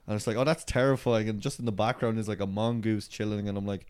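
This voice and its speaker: A man co-hosting a podcast, making quick jokes and asides in casual chat. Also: fairly low pitch, fairly even intonation, darkish tone, smooth. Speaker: podcast co-host.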